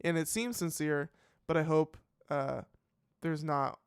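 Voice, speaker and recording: A man's voice: on the high side, unhurried, smooth, no echo, clean studio sound. A man hosting a live reaction show, thinking aloud in casual commentary with many fillers and restarts. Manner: musing, hesitant, full of fillers and restarts.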